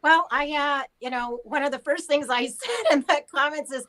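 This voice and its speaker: A hoarse woman talking in a casual panel chat, chatty and laughing often. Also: high voice, animated, normal speed, hardly any pauses, sharp tone, low-quality recording. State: hoarse after laryngitis.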